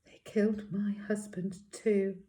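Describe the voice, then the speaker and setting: A frightened, widowed lady rabbit from a storybook, voiced by a woman reader. She speaks quietly, her voice shaky and close to tears. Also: medium pitch, flat delivery, slow, voice pushed up, lightly acted. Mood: sorrowful.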